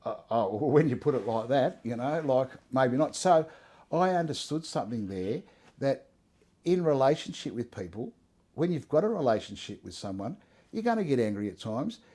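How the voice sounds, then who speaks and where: A middle-aged man talks in a warm, mellow voice. He is relaxed and conversational, and he often restarts his sentences. His tone is earnest and his manner is plain. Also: medium pitch, normal speed, husky. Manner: earnest, conversational, frequent restarts and "you know". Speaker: interviewee sharing his testimony. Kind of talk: casual interview.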